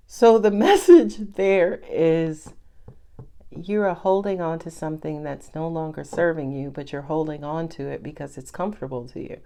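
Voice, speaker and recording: A woman's voice: deep voice, a little mellow. A woman giving a casual tarot reading to her viewers, talking bluntly and chattily and laughing often. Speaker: tarot reader.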